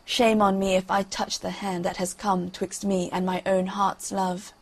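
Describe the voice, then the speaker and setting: A cruel, jealous elder princess from a storybook tale, cold and spiteful, voiced by a woman reading the story. She speaks in a husky, breathy voice. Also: mid-range voice, level tone, a little slow. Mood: scornful.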